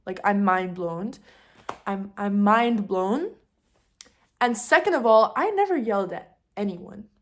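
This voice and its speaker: A young adult woman telling a casual storytime, talking fast with lots of fillers and getting heated as she vents. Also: mid-range voice. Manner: fast chatty delivery with constant fillers; heated and animated when venting. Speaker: vlogger.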